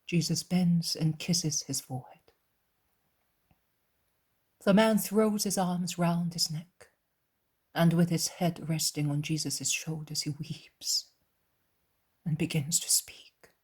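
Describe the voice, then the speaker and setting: Woman, audiobook narration, breathy, hushed, slow. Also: deep voice, steady tone. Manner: soft, near-whispered reading. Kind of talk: scripted narration.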